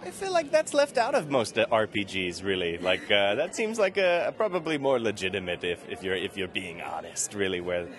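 A man's voice: a little fast, hardly any pauses. A man hosting a casual podcast, talking in a rambling way with lots of fillers. At times he interviews a guest at a booth on a convention floor. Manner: rambling, many fillers, jumps high in pitch when excited. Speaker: podcast host.

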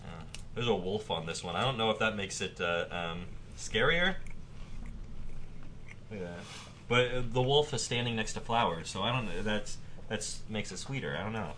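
A man in his thirties chatting casually on a podcast, pausing often with fillers and restarting his sentences. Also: lowish voice, animated, a bit bright, a little hiss or hum. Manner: halting, many fillers and restarts. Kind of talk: casual chat.

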